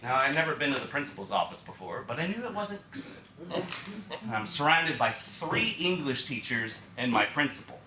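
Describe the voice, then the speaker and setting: A man performing a one-man theatrical storytelling show with an American accent, animated and acting out other people's lines. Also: a little high, slight background noise. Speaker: solo stage performer. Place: small theater stage. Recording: echoey theater room with faint ambience.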